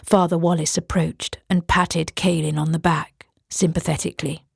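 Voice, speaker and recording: A woman narrating a horror audiobook in a measured way. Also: low-pitched, level tone, vocal fry, slightly rough, dry recording, clean studio sound.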